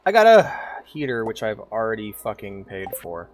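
Streaming a farming game with faint music behind him, this man speaks at normal speed in a very animated, lowish voice, hardly pausing. His casual commentary mixes chatting, humming to himself, reading lines aloud, and free swearing.

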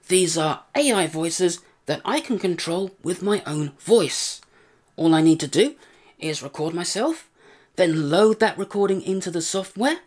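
A man giving a casual, self-deprecating software tutorial through an AI voice changer. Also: high-pitched. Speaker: tutorial host.

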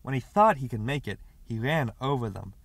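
Brief: male audiobook narrator, mid-pitched, steady and expressive, dry close-miked sound. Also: normal speed, creaky, no room sound. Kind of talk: literary audiobook reading.

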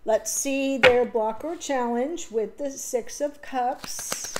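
A woman's voice: high voice, slow pace, very noisy. A woman giving a casual spoken tarot reading, emotional and rambling, with fillers and self-corrections. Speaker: tarot reader.

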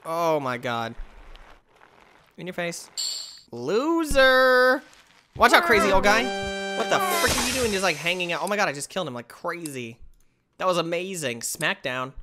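A man narrates his gameplay in an excitable rush, his pitch leaping all over the place. His voice is bright and keen, and he yelps and trash-talks as he plays. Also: a little hiss or hum. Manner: excitable, yelps and exclaims loudly. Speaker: gamer.

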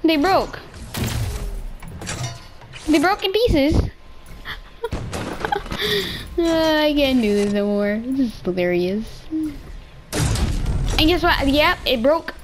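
High-pitched woman gamer, super animated, keeps repeating stuff, noisy game sound behind. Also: slow, long pauses, over music. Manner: playful, excitable, repeats herself a lot. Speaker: gamer streamer. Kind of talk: casual gaming chat.

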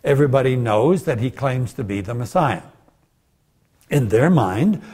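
Delivering a Bible talk as a guest lecturer, an older man speaks with a mid-pitched voice that is husky and a little breathy. He performs it like a storyteller, full of energy and frequently voicing the characters he describes.

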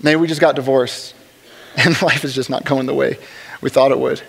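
A man teaching a church Bible study in a relaxed, conversational way, with joking asides and frequent restarts. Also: medium pitch, normal speed, gravelly, husky. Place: church hall. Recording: long reverb of a large hall.

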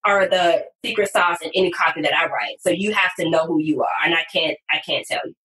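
Animated woman, echoey and off-mic. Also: lowish voice, a little fast. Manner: animated and emphatic, with sudden loud bursts. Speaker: copywriter guest. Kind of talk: casual podcast conversation. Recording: distant, echoey room sound.

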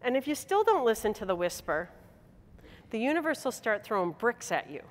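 A woman's voice: a little high, a little fast. A middle-aged woman from Michigan giving a motivational speech to a convention, telling a personal story with laughs and acted-out dialogue. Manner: animated, laughing, acts out dialogue. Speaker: convention speaker. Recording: hall reverb on a stage talk.

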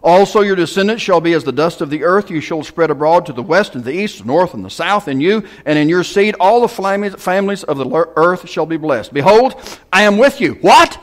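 A man pastor preaching a sermon in a church hall, with a fairly high voice. He swings from loud bursts to hushed whispers. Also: animated, a little fast.

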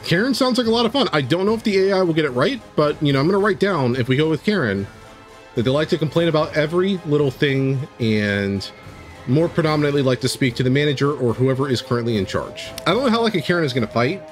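Guy reading out a d&d story on stream, super lively voice, stops to react, faint music behind. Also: on the high side, quick pace. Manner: animated, breaks off to react. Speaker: streamer and game master. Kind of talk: reading an AI-written tabletop story live.

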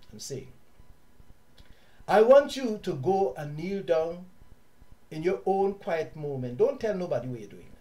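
A man with a southern African accent teaching his audience in an impassioned, preachy way, sometimes loud and sometimes hushed. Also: sits high. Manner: preachy, repeats words, shifts from loud to hushed. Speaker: online teacher and host.

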